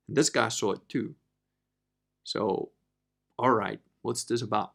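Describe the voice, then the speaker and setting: A man from Italy hosting a podcast, telling a personal story in a casual, profane, animated way that moves between quiet asides and loud bursts. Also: lowish voice, normal speed, vocal fry, long pauses. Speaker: podcast host.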